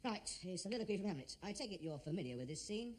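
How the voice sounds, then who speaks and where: Pompous ham actor, fast talker, old radio comedy bit. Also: male voice, sits high, big pitch swings, a little hiss or hum. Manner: grandiose, self-important, bluster. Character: pompous vain would-be Shakespearean actor, man. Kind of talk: 1950s radio comedy acting.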